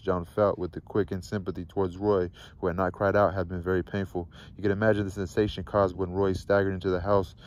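A man reading a novel aloud in a measured, even storytelling manner. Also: sits low. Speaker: reader.

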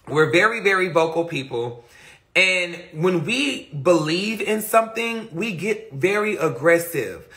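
A man's voice: high voice, lively intonation, unhurried, sharp tone. A man chatting casually on a phone livestream, answering viewer comments in a rambling, profane and emphatic way.

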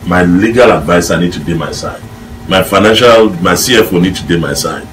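Deep-voiced Nigerian Pidgin pundit. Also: male voice, lively intonation, fairly quick, a bit bright. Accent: Nigerian Pidgin English. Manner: emphatic, lecturing. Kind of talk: studio discussion. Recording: distant mic with faint room noise.

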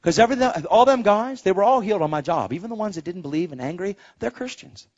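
A man preaching a testimony sermon, telling stories with loud exclaims and quiet asides. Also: fast talker. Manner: animated storytelling, swings between loud exclaims and low asides. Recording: dull lo-fi live recording.

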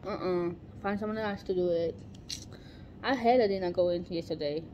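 A woman chatting casually in a daily vlog, animated and exclaiming, stretching out her words. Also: lowish voice, normal speed, highs cut off, slight background noise. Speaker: vlogger.

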